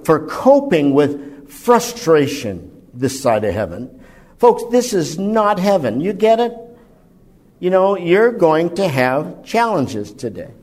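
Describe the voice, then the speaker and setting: A man preaching a conversational sermon, asking his listeners questions and swinging his pitch and volume widely for emphasis. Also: a little mellow. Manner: conversational, asks the audience questions.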